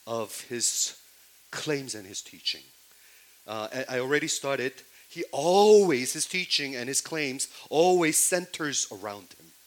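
Guy preaching, keeps asking the crowd stuff, gets loud on quotes. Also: mid-range voice, low-quality recording. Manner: questions the audience again and again, rising loud on quoted lines. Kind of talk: sermon.

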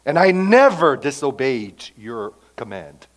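A man voicing a resentful older brother complaining loudly to his father in a sermon retelling. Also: fairly low pitch, flat delivery, unhurried, voice pushed down. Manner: loud, complaining, emphatic.

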